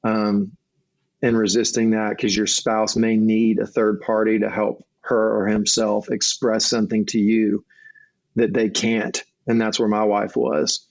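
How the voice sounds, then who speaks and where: Flat-voiced earnest middle-aged man. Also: fairly low pitch, unhurried, no echo. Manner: earnest, restarts often. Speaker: marriage coach, guest. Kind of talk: casual conversation. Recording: dull lo-fi recording.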